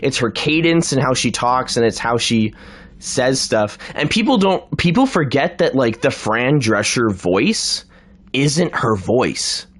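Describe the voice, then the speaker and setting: A man's voice: mid-range voice, sing-song, a little slow, a bit bright. A man from Canada chatting casually while he plays a video game, rambling, laughing often and slipping into impressions. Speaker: streamer playing a video game. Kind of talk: casual chat while gaming.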